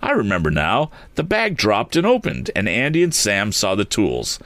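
A man voicing an earnest young male inventor in a read-aloud story, speaking higher than his own voice. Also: huge pitch swings, moderate pace, a bit bright, no room sound, full character voice.

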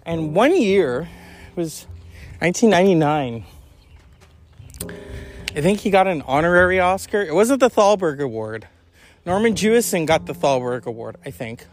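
A man's voice: fairly high pitch, lively intonation, normal speed, pauses often, a little hiss or hum. A man hosting a podcast in a rambling, candid, profane monologue, sighing and yawning as he goes. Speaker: podcast host. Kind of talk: casual monologue.

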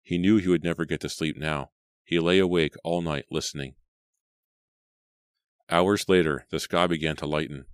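A man reads a storybook aloud, steady and measured. His voice is extremely deep, and the recording is dry and close, with almost no room sound. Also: clear, resonant tone, dry recording. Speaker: audiobook narrator. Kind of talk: scripted audiobook narration.

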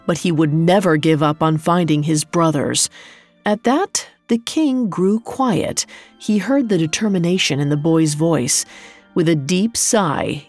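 A woman telling a folktale in a measured, scripted storytelling delivery. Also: on the low side, darkish tone, no room sound. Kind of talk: scripted narration.

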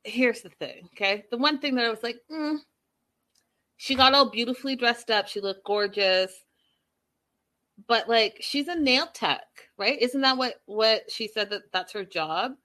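Bright-voiced chatty woman recapping. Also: a little high, measured pace. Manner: chatty, gossipy, a bit petty. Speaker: reality show recap host. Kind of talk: casual chat.

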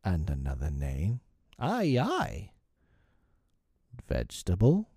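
A man voicing a boastful, gleeful boy hero with a high, crowing, taunting voice in a storybook reading. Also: huge pitch swings, takes it slowly, creaky, mellow, husky, no echo, clean studio sound, heavily acted. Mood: teasing.

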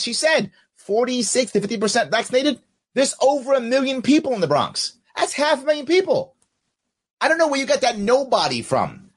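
A man's voice: high voice, slightly rough. A man hosting his own political podcast, talking straight to his viewers in casual commentary and reading out their comments. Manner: animated, talks straight to viewers, reads out comments. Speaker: podcast host.

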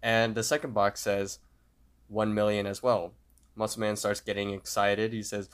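Recounting scenes from a cartoon episode, this male podcast co-host performs the characters' quotes loudly in a casual manner. He speaks with a lowish, clean voice, little pitch movement, and a moderate pace.

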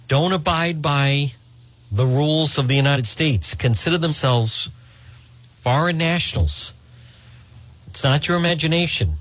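A man with a slightly husky, breathy voice hosts a talk radio show. He comments emphatically on the news, stressing key words and speaking straight to his listeners as folks. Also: a little high, fairly bright tone, no room sound.

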